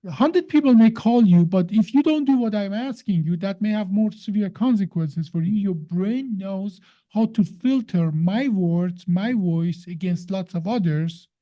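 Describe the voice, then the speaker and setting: A woman walks a listener through how the brain works, stressing her points and quizzing him as she goes. Her voice is deep, dark and mellow in tone. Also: unhurried, hardly any pauses. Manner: emphatic, teacherly, asks the listener questions. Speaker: science guest explaining the brain. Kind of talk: explanatory conversation.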